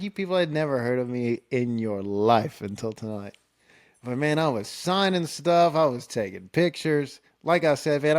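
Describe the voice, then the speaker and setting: Laid-back man telling road stories. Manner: laid-back, excitable, acts out quotes with raised pitch. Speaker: country singer and podcast host. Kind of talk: casual storytelling.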